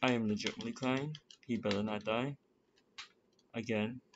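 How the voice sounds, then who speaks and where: A man's voice: mid-range voice, steady tone, moderate pace. A man giving nervous, rambling, profane commentary while playing a strategy game. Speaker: gamer. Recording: lo-fi with loud background noise. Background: keyboard clicks and typing.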